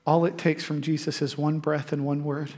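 A man preaching a sermon as pastor, emphatic and animated, breaking into laughing asides. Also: a little high, normal speed.

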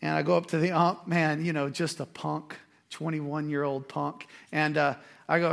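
A man, a pastor preaching a sermon and telling a self-deprecating story with animated energy. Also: on the high side, normal speed, creaky.

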